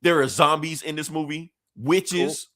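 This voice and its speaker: A man co-hosting a podcast in casual chat, talking in an animated, profane way and laughing often. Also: on the high side, measured pace. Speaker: podcast co-host.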